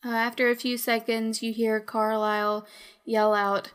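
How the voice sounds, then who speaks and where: A woman narrating a tabletop game as game master, in unhurried, descriptive narration. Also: a little high, little pitch movement, clear, resonant tone.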